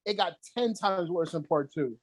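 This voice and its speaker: A woman's voice: on the low side, moderate pace, dry recording. A woman co-hosting a casual podcast chat, talking animatedly, swearing often and acting out quotes. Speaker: podcast co-host.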